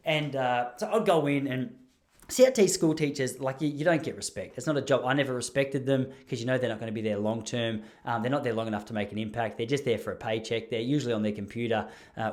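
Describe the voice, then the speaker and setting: A man's voice: medium pitch, darkish tone. A young Australian man hosting a podcast, telling casual stories in a chatty, self-deprecating way. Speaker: podcast host. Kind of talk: casual storytelling monologue.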